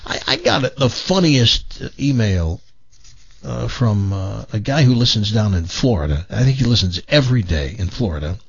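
Radio host guy, lively up and down voice, husky, keeps restarting his sentences. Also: on the low side, normal speed, lo-fi sound. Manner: rambling, animated storytelling with frequent restarts. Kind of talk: casual morning show banter. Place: radio studio.

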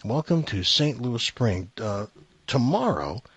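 A man's voice: medium pitch, sing-song, takes it slowly, a bit bright, slightly rough, no echo. A man hosting a radio show, trading casual jokes and reading promos in a chatty way. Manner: jokey, chatty, reads promos. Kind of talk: casual studio banter.

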